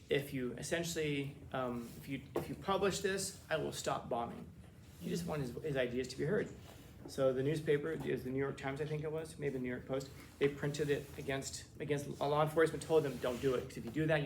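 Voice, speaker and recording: A man's voice: mid-range voice, creaky, a little hiss or hum. A man giving a casual, conversational classroom lecture, with joking asides and frequent restarts. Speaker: teacher.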